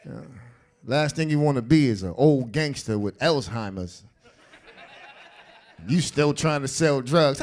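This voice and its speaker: A man's voice: mid-range voice, lively intonation, measured pace, pauses often. A man with a New York accent doing a stand-up comedy set on a live club stage, bantering loosely with the crowd in street talk. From South Bronx, New York.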